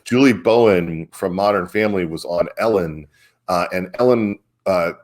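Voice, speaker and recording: A man's voice: sits low, normal speed, darkish tone. A man hosting a casual political chat, talking in a rambling way with many fillers. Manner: rambling, filler-heavy, asks questions. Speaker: podcast host.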